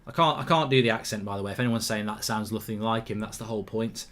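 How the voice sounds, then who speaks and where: A man's voice: fairly low pitch, steady tone, fast talker, a bit bright. A man hosting a live football watchalong, chatting opinionatedly and reacting to the match. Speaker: host.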